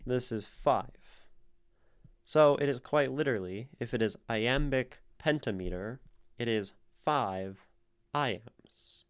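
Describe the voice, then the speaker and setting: A man's voice: medium pitch, slow, clear, resonant tone. A man streaming live, casually explaining poetic meter and sounding out the stress in words as he thinks aloud. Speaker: streamer analyzing poetry.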